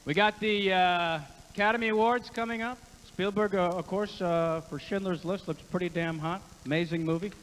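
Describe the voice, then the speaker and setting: A man doing a stand-up comedy set as an impressionist, brash and quick with his jokes and given to cursing. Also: high-pitched, steady tone, a bit bright, long reverb tail, slight background noise, rough recording.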